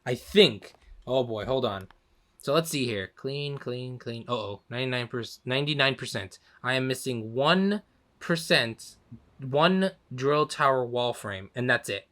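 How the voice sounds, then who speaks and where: A man giving casual, chatty gameplay commentary, laughing often and swearing lightly, his voice a little hoarse. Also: mid-range voice, expressive, slow pace, a bit bright. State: slightly hoarse. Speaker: gaming channel host.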